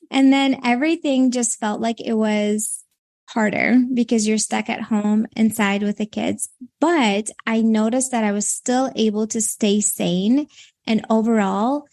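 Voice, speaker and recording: A woman with a Minnesota accent talks as a guest on a podcast. Her voice sits a little high, and her speech rambles, full of "like" and "you know" as she works through her thoughts. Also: steady tone, unhurried, a little mellow. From Latvia. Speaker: stress coach guest. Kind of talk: podcast interview.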